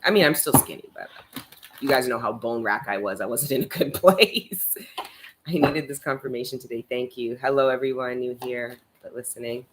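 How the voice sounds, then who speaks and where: A woman's voice: a bass voice, moderate pace, slight background noise. A young woman doing a live tarot reading, chatting casually with viewers, laughing often and swearing now and then. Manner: chatty, laughs often, reads out chat comments. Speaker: tarot reader.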